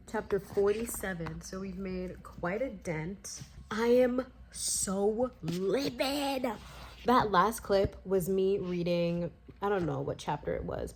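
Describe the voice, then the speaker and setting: A woman's voice: mid-range voice, darkish tone, a little hiss or hum. A woman vlogging casually about a book she is reading, gushing and swearing freely as she talks. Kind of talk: casual chat.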